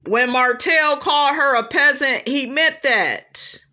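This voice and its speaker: Brief: blunt, profane woman commentator, slow, bright delivery, dull lo-fi recording. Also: high voice. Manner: blunt, profane, keeps asking "okay?". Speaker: reality TV commentator. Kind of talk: casual commentary.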